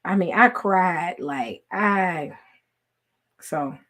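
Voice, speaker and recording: A woman, telling a story in casual chat with her followers, laughing often and swinging from loud to hushed. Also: on the high side, sing-song, unhurried. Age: 40s. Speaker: online host talking to followers.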